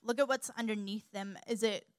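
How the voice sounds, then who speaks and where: A young woman giving a sermon in an animated, humorous way. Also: medium pitch, moderate pace, dry recording. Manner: animated and humorous, acts out quoted voices.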